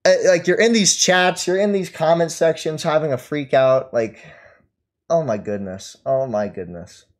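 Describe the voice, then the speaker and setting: A man's voice: fairly high pitch, normal speed. A man ranting at his live stream chat, mocking and taunting his target and laughing at them. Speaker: streamer reading and answering chat.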